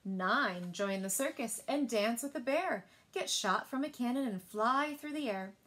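A woman librarian reading picture books aloud in an expressive, sing-song storytelling manner. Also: fairly high pitch, measured pace.

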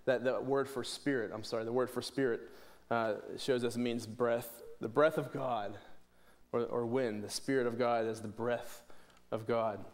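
A man's voice: medium pitch, fairly even intonation, normal speed. A man from preaching a sermon in church, earnest, often restarting and repeating words. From Pittsburgh, USA.

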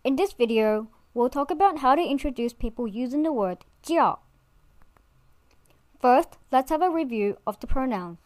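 A woman teaching in a clear, careful voice, slowing down to model each word as she explains it. Her voice sits a little high and sounds close and dry, with no room around it. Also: lively intonation, a little mellow, no echo. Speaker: language teacher. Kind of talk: scripted instructional narration.

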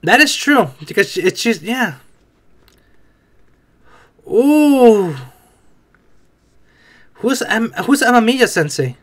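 A man's voice: very high-pitched, big pitch swings, slow, long pauses, fairly bright tone. A young man talking back at the screen in casual reaction commentary, chatty and swearing now and then. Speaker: reaction video host.

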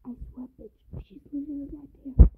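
High-voiced jumpy woman gamer, tinny audio. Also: little pitch movement, fast. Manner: jumpy, swears often, talks to viewers. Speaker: gamer streaming a horror game. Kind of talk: casual let's-play commentary. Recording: tinny phone-like lo-fi audio with faint noise.

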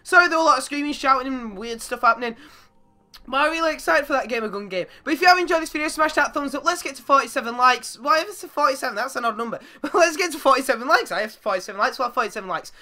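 A young man giving live gameplay commentary, excitable and swearing, his voice going squeaky when he yells. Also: racing. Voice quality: goes squeaky when yelling. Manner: excitable, shouts and swears at the game. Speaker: gaming YouTuber.

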